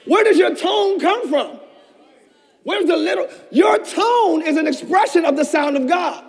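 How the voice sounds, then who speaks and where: A man pastor giving a passionate sermon, swinging between shouted peaks and hushed asides, recorded in a church. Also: extremely high pitch, expressive, measured pace, vocal fry. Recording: long church reverb.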